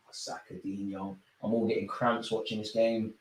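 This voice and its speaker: Excitable young man at a match. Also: medium pitch, unhurried, long pauses, slightly rough. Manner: excitable, shouts at players and referee. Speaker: football fan channel host. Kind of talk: live match watch-along commentary.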